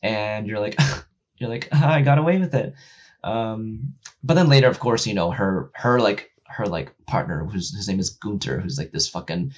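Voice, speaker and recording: A man in casual chat with a low, husky voice, rambling and swearing through many fillers. He acts out the characters' lines as he retells a story. The sound is dull and lo-fi. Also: normal speed. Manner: gets loud and excited when making a point.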